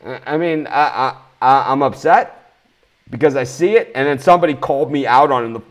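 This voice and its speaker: A man's voice: mid-range voice, fairly quick. Blunt, swearing male betting-show host. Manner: blunt, ranting, swears freely. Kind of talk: live sports betting talk.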